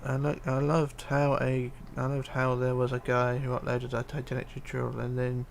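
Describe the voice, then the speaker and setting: A livestreamer speaks in a medium-pitched, creaky voice with completely flat delivery at a moderate pace, with slight background noise. As he builds, he reads viewer comments aloud and mutters to himself, using hesitant fillers.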